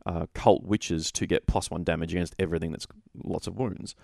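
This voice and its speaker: Deep-voiced man in rambling hobby chat. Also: fairly even intonation, brisk, vocal fry, warm tone, no room sound, studio quality. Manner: rambling, self-correcting, opinionated. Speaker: podcast co-host. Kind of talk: casual tabletop wargaming chat.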